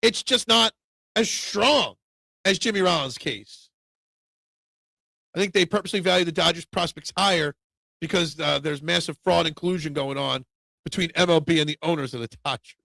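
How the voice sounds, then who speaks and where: Male sports stream host, rough gravelly edge, pitched high for a man, opinionated and rambling. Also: normal speed, sharp tone, no room sound. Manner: opinionated, rambling, answers viewer comments. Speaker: sports talk show host. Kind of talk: casual live-stream sports talk, reading chat.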